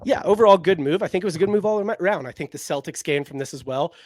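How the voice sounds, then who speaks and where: Rambling young man, slightly high voice. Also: very fast, darkish tone. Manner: rambling, heavy use of "like" fillers. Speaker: basketball podcast co-host. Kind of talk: casual sports chat.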